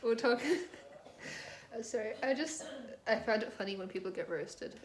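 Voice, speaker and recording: A woman hosting, quiet, giggly and teasing her co-host. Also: a little high, moderate pace. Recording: echoey room.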